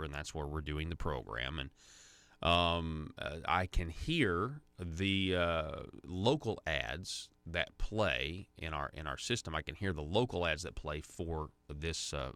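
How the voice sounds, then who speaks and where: A man's voice: very deep voice, a bit bright, no room sound. A man hosting a conservative talk radio show from a studio, rambling conversationally with many fillers and restarts.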